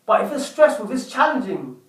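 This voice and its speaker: A man's voice: very high voice, big pitch swings, fairly quick, a bit bright, recorded from a distance. A man giving a self-help talk, telling a personal story in an earnest way and often restating his points. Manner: earnest, repeats and rephrases points. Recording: echoey room, away from the mic.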